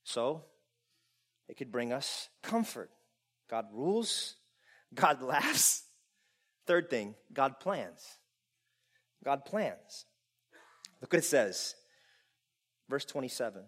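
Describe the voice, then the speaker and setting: A man preaching a sermon to a congregation, animated and playful, with loud bursts of laughter. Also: mid-range voice, slow, pauses often, husky. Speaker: pastor.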